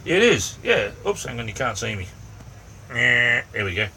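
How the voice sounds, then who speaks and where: Very animated, a middle-aged Australian livestream host chats casually with viewers from inside a small camper van, rambling in an easygoing way with plenty of ums and "mate." His mid-range voice comes at normal speed, creaky, pushed, and bright. The mic is distant, with a fan humming faintly.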